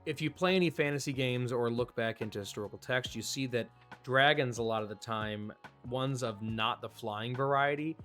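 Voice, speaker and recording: An enthusiastic man talks through a comic chapter in a loose, chatty way, sometimes stumbling and restarting a phrase. His voice sits at an ordinary middle pitch. Soft guitar music plays quietly behind him. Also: moderate pace. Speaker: manga review host. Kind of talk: casual commentary.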